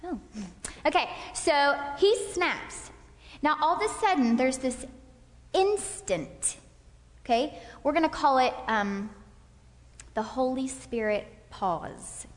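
Woman, high voice, animated class leader acting out examples, reverberant hall. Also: slow. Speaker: speaker leading a parenting class. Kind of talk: interactive faith-based lecture with volunteers. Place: stage in a large hall. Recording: hall reverb from a stage talk.

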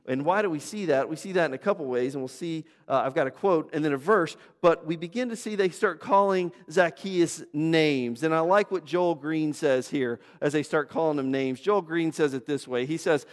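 In a big hall with long reverb, a male pastor delivers a sermon at normal speed with few pauses, his voice on the high side. He is emphatic and repetitive, stacking phrases, making conversational asides and putting rhetorical questions to the congregation.

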